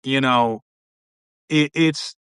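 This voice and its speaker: A man's voice: medium pitch, extremely slow, fairly bright tone, smooth, dry recording, studio quality. A man hosting a podcast, talking in a laid-back, rambling way with lots of restarts. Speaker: podcast host. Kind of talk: casual conversation.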